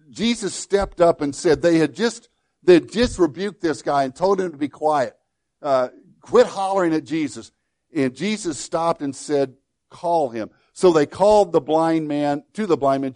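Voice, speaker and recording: A man preaching a sermon as pastor, animated and lively, acting out the people in the story and often restarting his sentences. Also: on the high side, no room sound.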